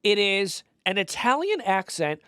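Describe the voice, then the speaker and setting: A man's voice: high-pitched, sing-song, unhurried, sharp tone, clean tone, no room sound. A man co-hosting a tech podcast, explaining a trend with dry, teasing humor over a studio mic. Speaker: podcast co-host. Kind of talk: casual chat.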